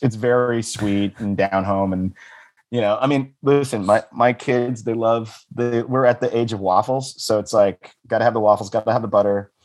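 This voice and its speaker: Rambling, joking man chatting. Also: lowish voice. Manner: rambling, swearing, jokey, many restarts. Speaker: co-host. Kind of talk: casual chat.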